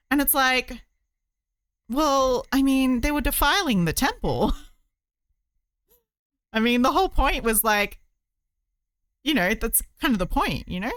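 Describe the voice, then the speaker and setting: A woman's voice: sits high, lively intonation, measured pace, pauses often, a bit bright, no room sound, clean studio sound. A woman streamer chatting casually while she crochets, rambling with many fillers.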